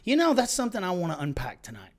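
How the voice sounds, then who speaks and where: A man's voice: high-pitched, huge pitch swings, rapid-fire. A man hosting a casual podcast chat, laughing easily and jumping between topics. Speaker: podcast host.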